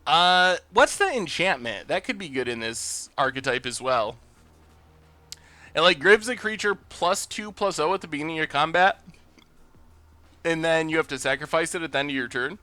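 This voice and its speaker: A man hosting a live game stream, thinking out loud about his plays and bursting into loud cheers when things go his way. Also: on the high side, animated, moderate pace, no room sound. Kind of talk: live gameplay commentary.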